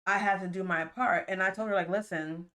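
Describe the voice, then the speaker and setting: A woman's voice: medium pitch, steady tone, quick pace, pushed and bright. A young adult woman, a guest in a casual chat, telling her story earnestly and laughing often.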